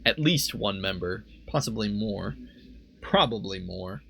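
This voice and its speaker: A man's voice: on the low side, expressive, measured pace, gravelly, pushed and bright, slight background noise. A young man giving casual, rambling commentary while playing a game at a desk microphone, second-guessing himself aloud. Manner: rambling, self-questioning, laughs easily. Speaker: let's play host.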